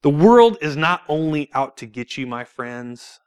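A man's voice: on the high side, measured pace, clean tone. A man preaching a sermon in a church, telling personal stories with rhetorical questions and laughing between points. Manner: animated storytelling with rhetorical questions.

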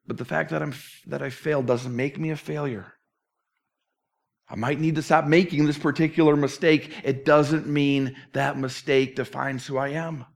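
A man preaching a sermon as pastor, earnest and candid, moving from animated talk to a hushed closing prayer. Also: mid-range voice, normal speed, gravelly, pauses often.

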